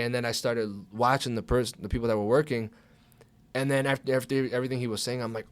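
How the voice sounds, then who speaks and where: A young man, a guest on a casual podcast, who swears freely and acts out his own past thoughts with animated delivery. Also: mid-range voice, fast. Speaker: podcast guest, pro wrestler. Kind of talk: casual chat.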